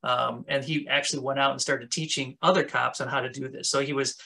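Bright-voiced male self-defense instructor. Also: mid-range voice, flat delivery, a little fast, gravelly. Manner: casual, conversational, talks with his hands. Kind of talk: instructional talk.

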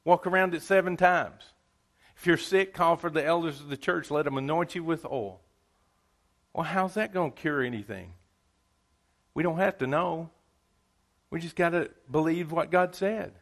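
A man's voice: fairly high pitch, normal speed, long pauses, fairly bright tone. A man preaching a sermon to his church in a folksy, repetitive style. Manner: folksy preaching with repeated phrases. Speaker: pastor. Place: church sanctuary.

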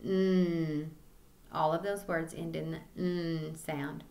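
Very slow, clearly enunciating woman teacher. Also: low-pitched, flat delivery, mellow. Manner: slow, drawn-out, clearly enunciated word drills. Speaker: kindergarten teacher. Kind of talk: phonics lesson for young children.

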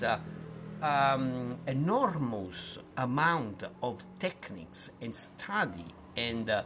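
A middle-aged man with an Italian accent, a language tutor who teaches pronunciation in a slow, unhurried way full of fillers and restarts. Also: mid-range voice, fairly bright tone, slight background noise.

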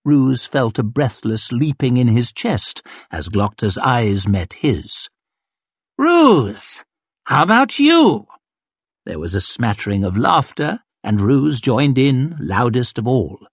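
A man narrating an audiobook in a wry, expressive reading. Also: medium pitch, a little slow, hardly any pauses, breathy edge, dry recording. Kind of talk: scripted narration.

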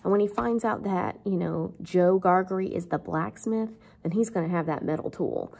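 A woman's voice: lowish voice, moderate pace, vocal fry, a little mellow, slightly rough. A woman English teacher giving a casual, chatty literature lesson, filled with fillers and the odd joke. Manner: chatty, lots of fillers, jokes.

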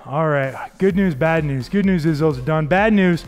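A man's voice: on the high side, normal speed. A man leading a workout as a fitness coach, upbeat and encouraging as he counts reps and cues form. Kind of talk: workout instruction. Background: faint background music.

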